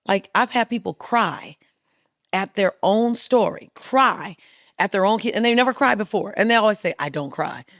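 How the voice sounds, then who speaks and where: A woman speaker on a podcast as a guest, telling stories in an emphatic, rhythmic and animated way. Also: medium pitch, vocal fry, no room sound, studio quality. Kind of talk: storytelling interview talk. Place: podcast studio.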